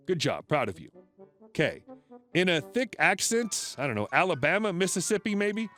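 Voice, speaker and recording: A man narrating internet stories in a wry, expressive scripted read. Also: high-pitched, moderate pace. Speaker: story narrator. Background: faint music.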